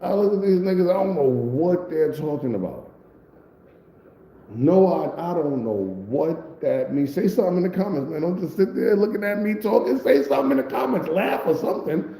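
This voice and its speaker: A man telling a story to camera in a casual, animated way, with profane street slang and acted-out quotes. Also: a little high, normal speed. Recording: echoey room with long reverb.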